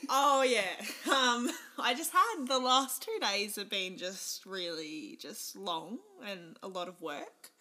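A woman's voice: mid-range voice, takes it slowly, hardly any pauses, bright, forceful tone. A woman co-hosting a podcast in a casual chat, telling stories with lots of giggles. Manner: giggly, chatty storytelling. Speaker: podcast co-host.

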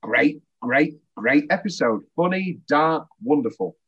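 A man's voice: on the high side, expressive, a little slow, breathy edge, lo-fi sound. A man hosting a podcast, chatting enthusiastically and laughing often. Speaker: podcast host. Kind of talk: casual chat.

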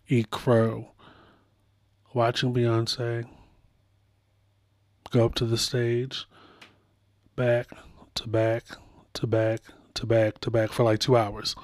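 A man hosts a pop culture podcast in an unhurried, drawn-out delivery. His voice sits in a middle register, and he colors his stories with playful impressions. The sound is dry and close. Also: medium pitch, no room sound. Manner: animated storytelling with playful impressions. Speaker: podcast host. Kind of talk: casual pop culture commentary.

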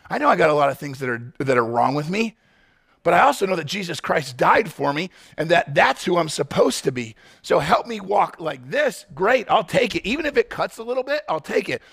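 A male pastor preaches in a church, his voice a touch high and full of gravel. He swoops up and down in pitch, jumping into quick acted-out bits between points. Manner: animated, acts out quick scenes and voices. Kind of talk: sermon.

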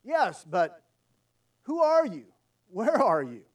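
A preacher doing a desperate man yelling from a cliff. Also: on the high side, lively intonation, unhurried, recorded from a distance. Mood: pleading. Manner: frantic yelling for help. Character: panicked man hanging from a cliff.

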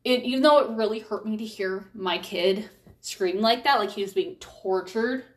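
A woman's voice: medium pitch, normal speed. A young woman, a mother, chatting candidly to camera, with lots of fillers and restarts. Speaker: mother vlogger. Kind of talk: casual chat to camera.

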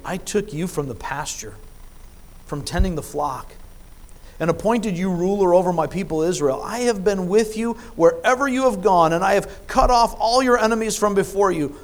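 A man preaching a sermon, reading scripture and explaining it, with emphatic swings between soft asides and loud stressed phrases. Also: high-pitched, lively intonation, normal speed. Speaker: pastor.

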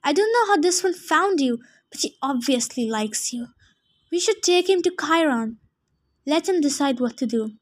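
A woman voicing a clever, cool-headed teenage girl who speaks calmly and matter-of-factly. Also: high-pitched, moderate pace.

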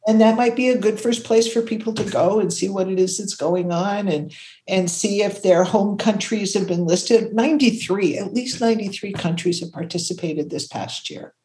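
An older woman from Canada, a creativity consultant, telling stories in an animated, conversational way and acting out the voices she quotes. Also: normal speed. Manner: expressive, acts out quotes, jumps to high pitch when excited.

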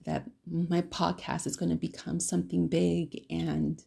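A woman's voice: lowish voice, little pitch movement, measured pace, vocal fry, dark tone, slightly rough. A woman hosting her own podcast in a casual solo monologue, speaking lovingly and rambling with many fillers and restarts. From California. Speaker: podcast host.

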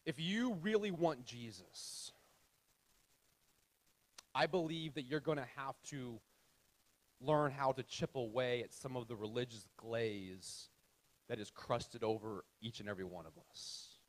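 A man preaching a sermon, emphatic and direct with his listeners, repeating key phrases and dropping to a soft hush. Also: mid-range voice, measured pace, pauses often. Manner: addresses the audience directly with questions. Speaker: pastor.

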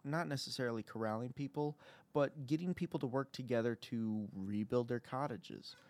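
A man narrating a tabletop role-playing game as game master, in a casual, halting way with many fillers. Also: medium pitch, darkish tone.

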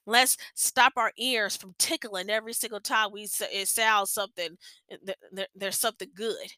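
A woman's voice: medium pitch, steady tone, moderate pace, sharp tone, no room sound. A young adult woman hosting a faith-based podcast, talking earnestly in a rambling way with many restarts. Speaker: podcast host.

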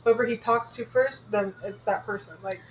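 Female podcast co-host, fairly high pitch, blunt and profane, echoey room. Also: fairly even intonation, a little hiss or hum. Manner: blunt and profane, quick to laugh along. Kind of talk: casual chat.

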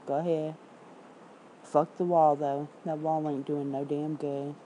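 Deep and warm with little pitch movement, this Memphis woman's Southern-accented voice comes through a rough recording with a bit of hiss or hum. An independent writer streaming to viewers, she reads out comments and headlines in casual chat, tossing in quick, profane, blunt asides.

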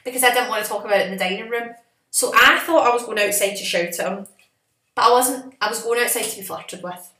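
A woman's voice: a little high, fast talker. Sassy woman podcaster in echoey room. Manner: animated, sassy, self-mocking. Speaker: podcast co-host. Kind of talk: casual storytelling chat.

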